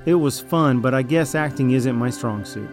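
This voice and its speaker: Man doing a manipulative raider, smug, menacing, audio drama, medium pitch. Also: moderate pace, faint music behind, close to an everyday voice. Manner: falsely friendly, then arrogant and threatening.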